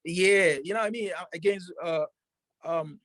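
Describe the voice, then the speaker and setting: A professional boxer telling a story in a casual interview, rambling with many fillers and restarts. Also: male voice, high-pitched, normal speed, fairly bright tone, no room sound.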